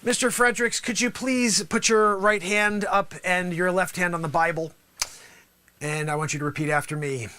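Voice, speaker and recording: A man's voice: high voice, fairly quick, sharp tone. A man performing as a trial lawyer in a comedic mock courtroom sketch, theatrical and jokey, sometimes dropping to a whisper.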